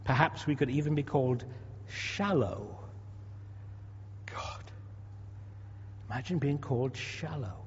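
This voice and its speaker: A man's voice: medium pitch, slow, long pauses, slight background noise. A man in his sixties preaching a sermon in a conversational way, asking rhetorical questions and repeating words as he goes. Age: 60s. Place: church. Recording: dull echoey hall recording.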